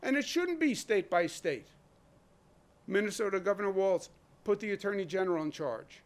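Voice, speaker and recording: A man's voice: high voice, animated, normal speed. A man speaking as a state governor in a public briefing, blunt and emphatic, driving his points home with rhetorical questions. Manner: blunt, conversational.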